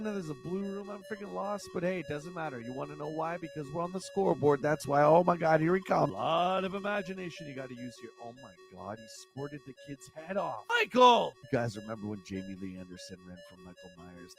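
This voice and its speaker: A man hosting a retro gaming livestream and narrating a playthrough, excitable and yelping as he plays. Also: fairly high pitch, gravelly. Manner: excitable, yelps and shrieks while gaming. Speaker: livestream host.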